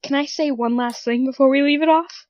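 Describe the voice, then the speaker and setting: A woman's voice: high-pitched, steady tone, brisk, a little mellow, dry recording, highs cut off. A woman playing a tabletop game, hesitant with many uhs. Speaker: player. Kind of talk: casual tabletop play.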